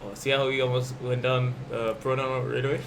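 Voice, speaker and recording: A man's voice: mid-range voice, little pitch movement, fairly quick, vocal fry, a little hiss or hum. A young man hosting a podcast, chatting casually and joking, often restarting his sentences. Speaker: podcast host. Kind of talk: casual chat.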